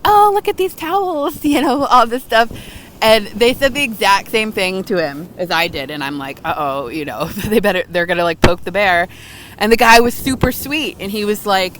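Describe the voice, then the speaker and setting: A woman's voice: fairly low pitch, fairly bright tone, a little hiss or hum, low-quality recording. A middle-aged woman telling a story in a loose, chatty vlog, full of filler words and restarts, recorded outdoors by the water on a phone. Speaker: vlogger. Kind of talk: casual storytelling monologue.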